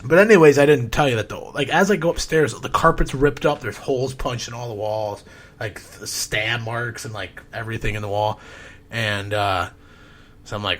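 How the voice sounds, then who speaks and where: A man who works as a home inspector tells a story in a casual, rambling podcast style, swearing often and clearing his throat. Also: mid-range voice, brisk, a bit bright.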